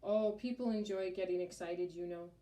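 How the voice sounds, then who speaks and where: A fussy, self-important town mayor fills a storybook scene with bluster and bellowing, as a woman puts him on. The voice sits mellow and soft-edged. A roomy echo hangs around each line. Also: on the low side, normal speed, lightly acted. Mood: worried. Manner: bellowing, pompous.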